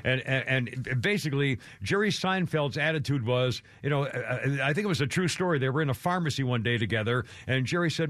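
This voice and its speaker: A man's voice: lively intonation, fairly quick, hardly any pauses, fairly bright tone, no echo, studio quality. A man hosting a radio show, chatting in a meandering way and acting out quoted people with sudden jumps in his voice. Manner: meandering, acts out quotes with big pitch jumps. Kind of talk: rambling casual chat.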